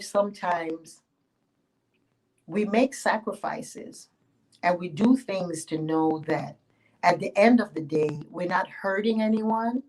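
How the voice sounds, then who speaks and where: A woman spiritual teacher telling a sacred story aloud, animated and playful, stepping in and out of character voices. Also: fairly low pitch, poor audio. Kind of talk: oral storytelling.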